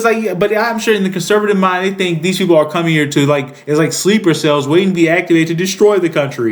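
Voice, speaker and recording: A man's voice: high voice, fast, hardly any pauses. A man in his thirties giving heated political commentary, profane, rambling and indignant. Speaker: political commentary channel host.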